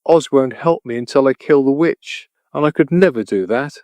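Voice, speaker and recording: A man's voice: medium pitch, moderate pace, a little mellow, no echo, close to an everyday voice. A man voicing a meek, earnest young girl who pleads with a trembling voice. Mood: tearful.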